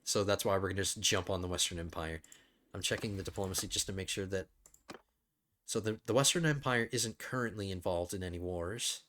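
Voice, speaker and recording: A man's voice: low-pitched, a little fast, a bit bright, a little hiss or hum. A man hosting a let's play, thinking aloud in casual gameplay commentary, rambling with frequent restarts.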